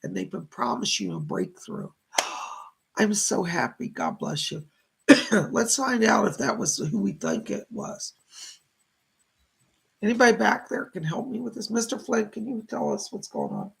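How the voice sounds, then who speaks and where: A man hosting live-stream psychic readings from his computer, greeting viewers with excitement and relaying spirit messages. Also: sits high, moderate pace, gravelly, breathy edge. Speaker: psychic medium host.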